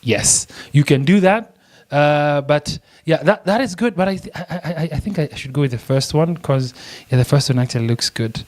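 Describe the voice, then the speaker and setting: Male design tutor, excitable and chatty, somewhat high-pitched. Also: moderate pace. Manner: excitable, chatty, laughs often. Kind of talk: screen-recorded software tutorial.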